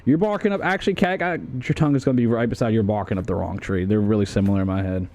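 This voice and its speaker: A man's voice: lowish voice, very fast, a little mellow. A young man streaming, chatting casually in a jokey, profane way.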